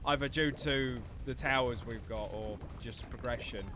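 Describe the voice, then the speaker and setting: A man's voice: mid-range voice, normal speed, sharp tone. A young man livestreaming a game, chatting casually with his viewers, rambling and swearing freely. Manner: rambling, swears freely, reads chat aloud. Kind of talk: casual gameplay stream chat.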